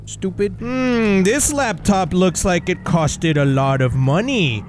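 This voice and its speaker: A man's voice: high voice, animated, takes it slowly, faint music behind. A man hosting VR gameplay commentary, taunting game characters in exaggerated tough-guy slang. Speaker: VR gaming channel host.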